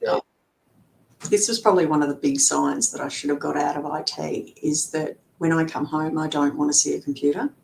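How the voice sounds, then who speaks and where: A woman's voice: steady tone, fairly quick, vocal fry, a little mellow, poor audio. A middle-aged woman, a lawyer guest in a casual interview, talking chattily with frequent fillers and laughs. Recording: faint background rumble.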